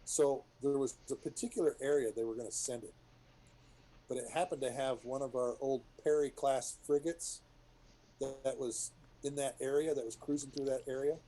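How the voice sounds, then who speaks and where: A middle-aged man, a retired military pilot, telling rambling war stories to a group in a casual, animated way. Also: medium pitch, normal speed, rough recording. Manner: rambling, animated, many restarts and asides.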